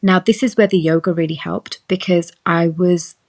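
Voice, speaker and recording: A young woman recounts a personal story in relaxed podcast chat, her voice sitting a touch low. She acts out the people she quotes, shifting her tone for each, and keeps an easy conversational flow. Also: normal speed. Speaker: podcast guest. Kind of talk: casual chat.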